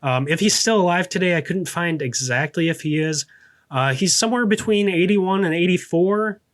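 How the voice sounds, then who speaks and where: A man's voice: sits high, moderate pace. Man reading a script, stumbling often. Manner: stumbles over words and restarts, mutters asides to himself; breaks off into casual off-script commentary. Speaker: podcast host. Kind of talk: reading a true-story podcast script.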